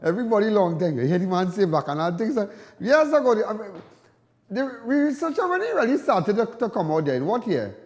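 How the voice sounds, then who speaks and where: Emphatic Trinidadian TV host. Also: male voice, sits high, big pitch swings, fairly quick, long reverb tail. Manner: emphatic, repetitive, defiant. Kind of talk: live TV talk.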